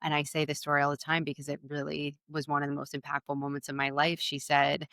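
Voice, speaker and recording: A woman's voice: deep voice, completely flat delivery, quick pace, vocal fry, hardly any pauses, pushed and bright, no room sound. A woman guest on a podcast, a Reiki practitioner, telling stories in an earnest, heartfelt way. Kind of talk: casual conversation.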